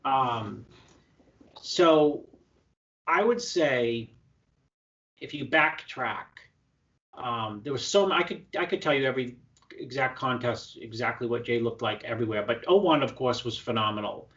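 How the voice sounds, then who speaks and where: A male coach in a casual interview, telling stories in an animated, excitable way with many restarts. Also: mid-range voice, a little slow, pauses often, recorded from a distance, dull audio. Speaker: prep coach.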